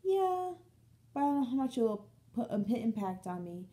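A young woman chats casually on her book vlog in a soft, mellow voice. She rambles and restarts her sentences, hopping from story to story and slipping into quick impressions of her friends and family as she goes. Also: fairly high pitch. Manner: rambling, animated storytelling with acted-out quotes. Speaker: book vlogger. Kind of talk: casual chat.

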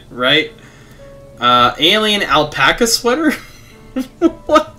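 A man's voice: fairly high pitch, huge pitch swings, extremely slow, pauses often, bright, forceful tone. A young man playing a video game and chatting casually, reading game text aloud and laughing at his own antics. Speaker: gaming streamer. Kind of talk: casual let's play commentary. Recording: faint game music behind.

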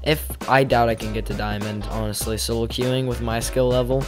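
A man's voice: mid-range voice, moderate pace, hardly any pauses, a bit bright, faint music behind. A young man chatting casually over his gameplay at a home desk mic, rambling and mocking himself with sudden exclamations. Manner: self-deprecating, rambling, jumpy exclamations. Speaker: gaming YouTuber. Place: home gaming setup. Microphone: desk mic with pop filter.

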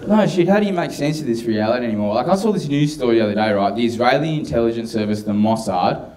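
A man doing stand-up in a dry, deadpan way. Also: mid-range voice, fast. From Australia. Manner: dry, deadpan delivery of edgy jokes. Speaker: stand-up comedian. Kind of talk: stand-up routine. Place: comedy club stage with audience. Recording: live club, crowd audible.

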